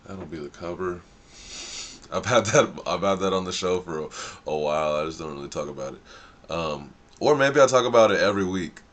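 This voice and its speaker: A man's voice: low voice, animated, fairly quick, a bit bright. A man hosting a casual live stream, chatting loosely in slang and drifting off track as he thinks aloud. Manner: rambling and easily sidetracked, thinking aloud; loose slang-filled talk.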